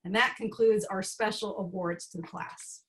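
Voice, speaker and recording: A woman's voice: mid-range voice, steady tone, moderate pace. A woman presenting humorous student awards at an online graduation ceremony, with a dry, playful delivery.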